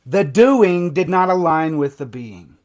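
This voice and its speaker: A man who coaches people in recovery, giving an impassioned, emotional livestream monologue that swings from intense to hushed. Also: a little high, lively intonation, unhurried. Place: TikTok live stream.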